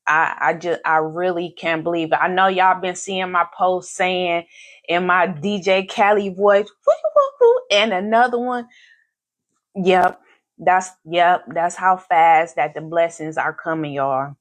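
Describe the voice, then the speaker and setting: A woman hosts a live stream in casual chat. She talks slowly in a slightly low voice. She is effusive and grateful, and she repeats her phrases for emphasis. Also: steady tone. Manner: grateful, faith-filled. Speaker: podcast host.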